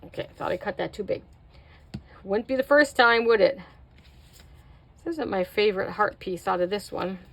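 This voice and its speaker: A woman's voice: mid-range voice, lively intonation, moderate pace, vocal fry, long pauses, a bit bright, a little hiss or hum. A middle-aged woman hosting a casual craft tutorial, chatting to viewers as she works and laughing at her own slips. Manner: chatty, self-mocking, talks to viewers while working. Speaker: craft video host.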